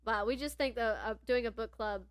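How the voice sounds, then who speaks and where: A woman's voice: on the high side, fairly even intonation, fairly quick, no room sound. A woman co-hosting a podcast in casual chat, rambling and laughing often. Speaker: podcast co-host.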